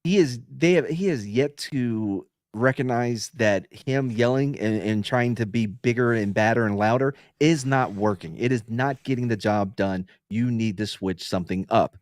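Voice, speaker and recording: A man chatting on a casual podcast, telling stories about police work, sometimes dropping to a low, calm voice to show how he'd talk someone down. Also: normal speed, few pauses, no room sound, clean studio sound. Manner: relaxed storytelling, drops tone to mimic calm talk, swears freely. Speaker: podcast co-host, former police officer.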